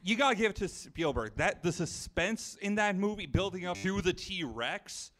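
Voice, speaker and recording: A man's voice: high-pitched, animated, moderate pace, fairly bright tone. A man in a casual group chat, joking and telling stories with animation. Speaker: podcast guest.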